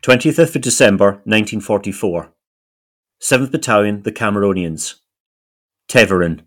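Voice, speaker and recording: A man's voice: fairly low pitch, expressive, moderate pace. A man co-hosting a history podcast, precise and dry, reading military diary entries steadily. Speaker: podcast co-host.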